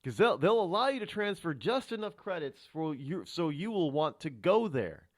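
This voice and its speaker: A male talk radio host speaks into a close studio microphone with a dry sound. His pitch rides a little high and swings widely. He lectures the audience with rhetorical questions and frequent restarts. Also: sing-song, moderate pace, no echo.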